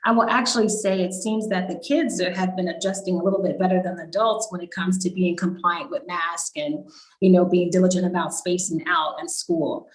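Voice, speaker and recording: A woman's voice: lowish voice, fairly even intonation, a little fast. A woman doctor on a video call town hall, explaining health guidance in a reassuring way. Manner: reassuring, explanatory, frequent "you know". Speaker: doctor panelist.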